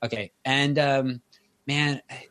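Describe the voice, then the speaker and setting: Podcast guest: a man in his thirties, lively casual storyteller with a dry, close sound. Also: slow pace, dry recording. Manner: animated storyteller, rises in pitch for quotes.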